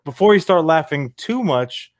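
A man's voice: a little high, lively intonation, moderate pace, no room sound. A middle-aged man co-hosting a podcast, riffing and joking in casual chat over a remote call. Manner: joking, riffing with silly voices. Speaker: podcast co-host.

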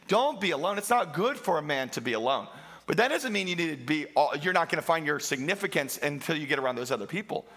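A man's voice: a little high, animated, fast talker, a bit bright. A middle-aged man preaching a sermon as pastor, emphatic and repeating phrases for stress.

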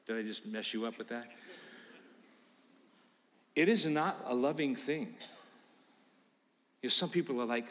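A man preaching a sermon as pastor, emphatic, swinging from low asides to loud preaching. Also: unhurried, pauses often, long reverb tail.

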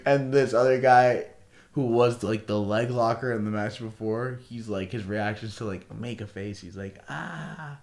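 A young man chatting casually on a podcast, relaxed and chiming in with short replies. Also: on the low side, moderate pace. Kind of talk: casual chat.

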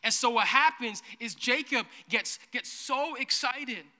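A man preaching a humorous sermon as a pastor, playful and jokey, acting out characters in quick asides. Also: extremely high pitch, bright, forceful tone. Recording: long hall reverb.

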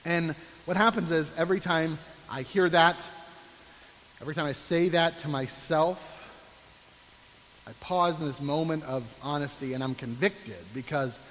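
Animated high-voiced preacher in a hall. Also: male voice, a little slow, slight background noise. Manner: sarcastic, animated, mock-complaining. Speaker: pastor. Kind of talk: sermon.

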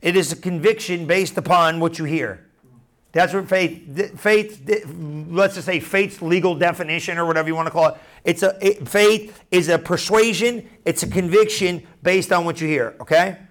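At normal speed and in a high-sitting voice, a man gives a casual Bible teaching directly to his listeners. He is animated and conversational, acting out Bible scenes in everyday slang.

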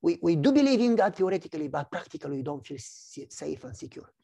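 Animated gravelly male preacher. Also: fairly high pitch, quick pace. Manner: animated storytelling, acts out voices. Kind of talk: sermon with personal testimony.

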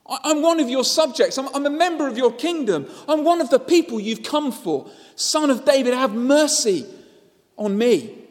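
A man voicing a desperate blind beggar who cries out for mercy in loud, pleading shouts. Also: extremely high pitch, expressive, normal speed, long reverb tail, voice pushed up.

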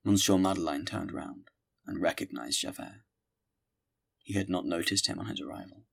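A man reading a classic novel aloud as an audiobook, measured and steady. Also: deep voice, vocal fry. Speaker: audiobook narrator. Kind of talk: scripted audiobook narration.

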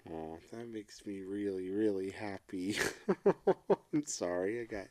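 A middle-aged man co-hosting a casual chat, talking in a reflective, emotional and halting way. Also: low-pitched, steady tone, dark tone. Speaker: podcast co-host.

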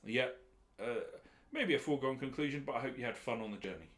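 A British man hosting a podcast, chatting in a relaxed, laughing way. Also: mid-range voice, quick pace, reverberant. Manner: lively, laughing, wrapping up. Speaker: podcast host. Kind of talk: casual chat.

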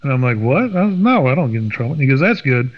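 A man's voice: mid-range voice, rapid-fire. A middle-aged man from Washington, D.C., telling a story in casual conversation and acting out the voices of the people in it. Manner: animated, acts out quoted voices. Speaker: podcast guest. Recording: dull lo-fi sound with long reverb.

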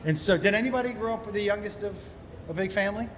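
A man from Massachusetts rambles through loose, profane stand-up stories and crowd work, holding a handheld mic on a comedy club stage. He speaks quickly in a high-pitched, fairly bright voice over slight background noise, with long reverb and crowd ambience in the live recording.

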